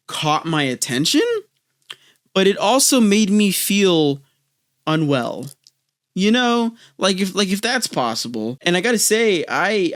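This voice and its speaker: A man's voice: high voice, no room sound, studio quality. A young man hosting a casual, comedic anime review, rambling and joking with lots of fillers. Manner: jokey, rambling, many fillers.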